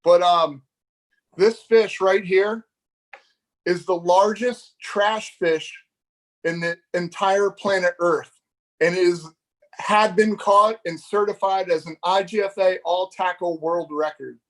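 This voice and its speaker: A middle-aged man tells a fishing story in a high, bright voice. He keeps laughing and acts out what everyone said in the story, loose and chatty as a live-show guest. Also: slow. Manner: animated, laughing, acts out dialogue. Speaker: fishing magazine editor, guest.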